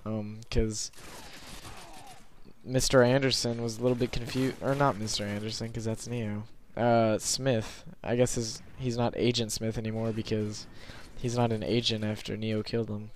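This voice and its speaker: A young man giving rambling, self-conscious gameplay commentary from his bed late at night, filling pauses with lots of ums. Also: fairly low pitch, flat delivery, slight background noise.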